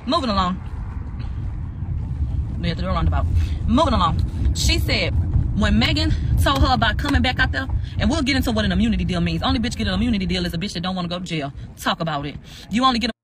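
A woman co-hosting a casual recap, retelling testimony in a profane, animated, ranting way. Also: medium pitch, quick pace, background noise. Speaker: podcast co-host recapping court testimony.

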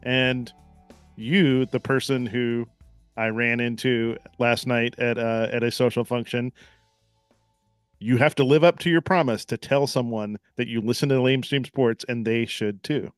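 Male podcast co-host, mid pitch, dry close mic, faint music under, wry. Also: fairly even intonation, unhurried, clear, resonant tone, no echo. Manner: wry, joking asides. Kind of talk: casual sports podcast banter.

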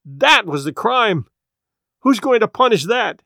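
A woman's voice: fairly low pitch, very animated, measured pace, dry recording, studio quality, pitched above the performer's own voice. A man reading aloud voices a grieving middle-aged farm wife who talks with impassioned, pleading urgency. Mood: anguished. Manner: impassioned, pleading, voice rising with feeling.

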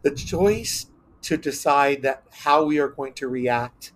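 A middle-aged man from South Texas, a guest telling a personal story, teary and animated as he acts out the quotes. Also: on the high side, takes it slowly. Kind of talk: emotional interview storytelling.

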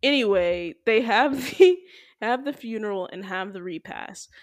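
A young woman hosting a casual podcast chat, laughing often and telling things in an animated way. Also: mid-range voice, normal speed, no room sound, clean studio sound. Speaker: podcast host.

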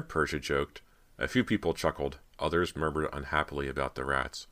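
A man narrating a horror audiobook in a steady, measured storytelling manner. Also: very deep voice.

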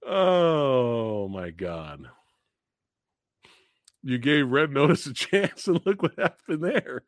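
A man hosting a live stream, reacting to movie trailers in a profane, animated way, laughing and booing. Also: medium pitch, takes it slowly, no echo, studio quality.

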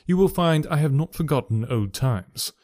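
A man voicing an older country gentleman host, hearty but guarded, in a storybook reading. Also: on the high side, expressive, moderate pace, no echo, studio quality, pitched above the performer's own voice, lightly acted. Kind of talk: audiobook character voice.

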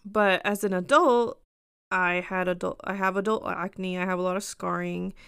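A woman's voice: on the low side, fairly even intonation, moderate pace, vocal fry, fairly bright tone, clear, resonant tone, dry recording, clean studio sound. A woman in her thirties casually telling personal stories, chatty and full of fillers, acting out the people she quotes. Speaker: storyteller.

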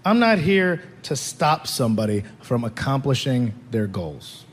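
A man's voice: mid-range voice, sing-song, unhurried, slightly rough. A man performing stand-up comedy, telling a rambling, self-mocking story.

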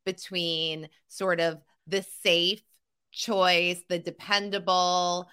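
A woman's voice: lowish voice, little pitch movement, slow, pushed and bright, smooth. A woman hosting a podcast in casual chat, leading with questions. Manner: asks questions, sets up topics. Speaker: podcast host.

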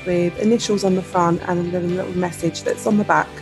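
A woman co-hosting a podcast, reading a sponsor ad at a steady, measured pace. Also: fairly low pitch, music in the background. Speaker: podcast co-host. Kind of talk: scripted ad read.

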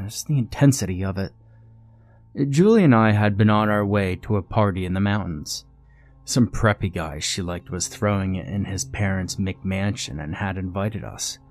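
A man reading a first-person horror story in a steady, measured way. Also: lowish voice. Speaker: narrator. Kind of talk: scripted horror story narration.

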